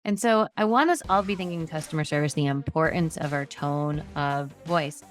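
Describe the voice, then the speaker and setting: A woman's voice: deep voice, normal speed, soft background music. A woman hosting a podcast, teaching customer service in a conversational monologue and demonstrating tone with everyday examples.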